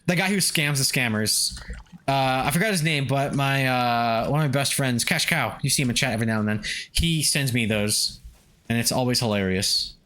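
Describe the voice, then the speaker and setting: A young man streaming a video game, chatting with viewers, swearing and yelling at the game in between. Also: mid-range voice, normal speed. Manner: animated, swears and yelps at the game, laughs often. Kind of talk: casual gameplay livestream chat.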